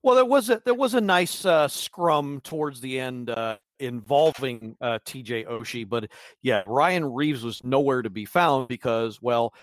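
A man's voice: medium pitch, a little slow, no echo. Rambling man on a dry mic. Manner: rambling, filler-heavy, wry. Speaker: podcast host. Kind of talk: casual sports podcast chat.

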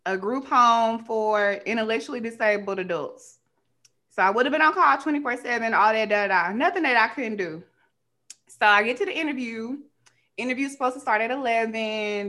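A young adult woman hosting a casual podcast, telling a story as a rant in colloquial speech and acting out the dialogue. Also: fairly high pitch. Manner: animated, colloquial, acts out dialogue. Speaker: podcast host.

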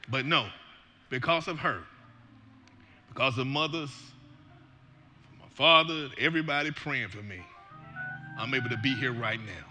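Preacher man, real bright edgy voice, hollers and jokes around. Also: medium pitch, lively intonation, slow, gravelly, long pauses, soft background music. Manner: shouting, impassioned Black church preaching cadence; folksy, joking asides. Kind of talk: sermon.

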